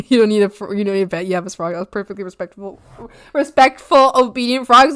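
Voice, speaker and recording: A woman's voice: mid-range voice, fast, fairly bright tone, clean tone, dry recording, studio quality. A young woman chatting casually on her art stream, gushing and giggly, sliding into baby talk. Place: home streaming setup.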